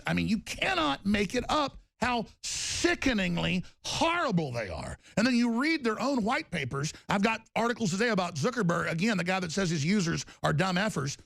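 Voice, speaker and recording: Talk-radio host, male, gravelly ranting delivery, dry close mic. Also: sits high, fairly bright tone, no echo. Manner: ranting, mocks opponents in put-on voices. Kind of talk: political talk radio monologue.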